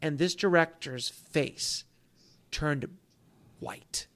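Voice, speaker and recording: A man in his thirties, a book author, telling animated stories as a guest and acting out quotes in other voices. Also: a little high, drawn-out words. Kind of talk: casual storytelling.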